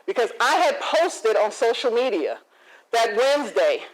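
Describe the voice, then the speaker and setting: Woman confidence coach, keynote storyteller, lively and expressive. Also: fairly high pitch, unhurried, low-quality recording. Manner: animated, acts out dialogue, laughs often. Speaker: motivational speaker and confidence coach.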